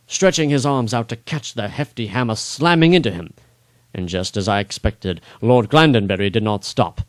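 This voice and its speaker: A man reading his own first-person adventure story aloud in a dramatic, expressive way. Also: on the low side, dry recording. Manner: expressive, rising on action beats.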